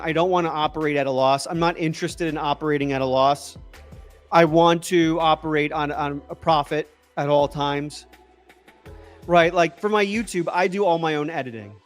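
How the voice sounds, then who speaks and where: Excitable, rambling man chatting casually. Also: fairly high pitch. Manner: rambling and excitable, trailing off and restarting. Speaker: tech YouTuber answering live chat. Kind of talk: casual livestream chat.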